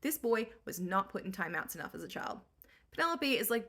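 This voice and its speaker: A woman's voice: mid-range voice, lively intonation, quick pace, fairly bright tone. A woman hosting a comedic story recap, chatty and full of sarcastic asides. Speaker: host.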